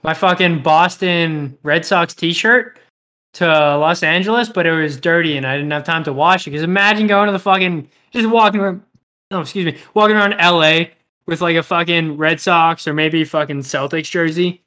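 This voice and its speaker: A man's voice: on the high side, normal speed, pushed and bright. A young man co-hosting a podcast, chatting casually in a rambling, profane way and laughing often. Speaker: podcast co-host. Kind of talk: casual chat.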